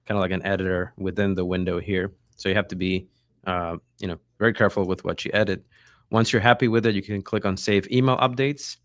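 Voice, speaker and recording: A man with a very low voice guides listeners through a piece of software one click at a time. His delivery is steady and plain, with small fillers. The sound is dry and close to the mic. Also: no echo. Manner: steady, step-by-step explaining with "uh, you know". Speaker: co-host. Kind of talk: software walkthrough.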